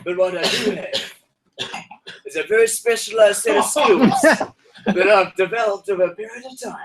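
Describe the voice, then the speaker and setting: A man playing a grim father who threatens his daughter's kidnapper, halting and stammering through the threats in a comedy sketch. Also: sits high, close to an everyday voice, low-quality recording. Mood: menacing.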